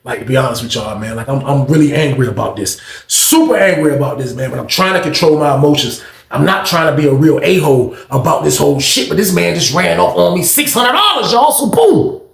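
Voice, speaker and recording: A man telling a story in a casual, animated, slang-heavy way and talking straight to his listeners. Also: a little high, brisk, vocal fry, echoey room.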